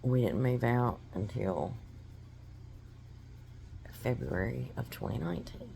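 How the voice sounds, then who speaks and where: A woman's voice: extremely low pitch, slow pace, gravelly, dark tone, a little hiss or hum. A woman giving a personal testimony, telling her story in an earnest, emotional way.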